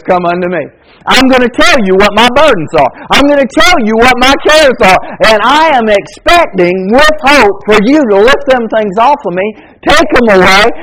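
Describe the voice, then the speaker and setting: A man in his fifties preaching a sermon, building emphatic repeated questions and at times dropping to a soft, tender tone. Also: sits high, poor audio. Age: 50s. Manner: preaching with rising, emphatic repetition; drops to soft, tender tones. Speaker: pastor.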